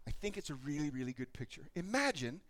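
A pastor with a fairly high voice preaches quickly, telling stories animatedly and acting out the voices of the people in them.

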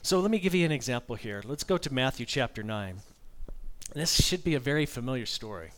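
A man's voice: mid-range voice, expressive, a little fast, a bit bright. A man in his fifties preaching a sermon, telling a personal story in a candid, conversational way with frequent asides.

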